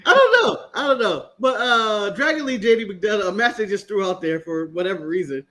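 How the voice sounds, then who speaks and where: American dude cohosting a wrestling podcast, really high bright voice, jokey and laughing. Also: male voice, animated, a little fast. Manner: joking, laughs often, swears freely. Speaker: podcast co-host. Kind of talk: casual wrestling review chat.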